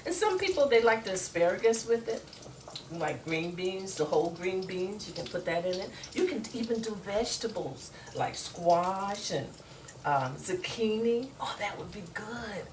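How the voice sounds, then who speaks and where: At medium pitch and normal speed, a woman talks expressively and folksily to her audience during a relaxed home cooking demonstration. She's from the US South; the audio is poor, with slight background noise and a loud frying-pan sizzle.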